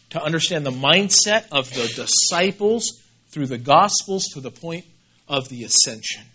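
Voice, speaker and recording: Man, pastor, sermon, lively pitch, animated emphasis, slightly muffled recording. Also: normal speed, breathy edge. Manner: animated preaching, swinging from loud emphasis to quiet asides, repeats key words.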